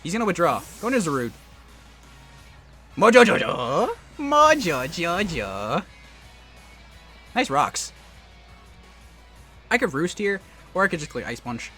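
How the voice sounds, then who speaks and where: Young man, game commentary, taunting opponent, higher voice, swings up and down. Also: a little fast, long pauses, faint music behind. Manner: animated trash talk at his opponent; musing strategy talk under his breath. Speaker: competitive game streamer.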